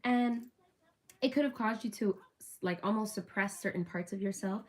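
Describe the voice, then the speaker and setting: A woman's voice: medium pitch, moderate pace. Chatty upbeat young woman reading tarot. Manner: chatty, upbeat, talks straight to viewers. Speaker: tarot reader.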